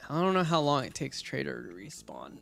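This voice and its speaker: A man's voice: mid-range voice, wildly swooping pitch, brisk, gravelly, fairly bright tone, faint music behind. A man chatting casually and rambling with lots of fillers as he streams a game. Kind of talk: casual gaming stream chat.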